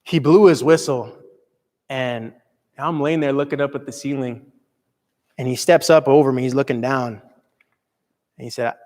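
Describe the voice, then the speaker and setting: A young man, a motivational speaker, telling a personal story with earnest, dramatic swings between loud and soft. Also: medium pitch, normal speed, long pauses, in a large hall. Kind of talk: storytelling talk to an audience.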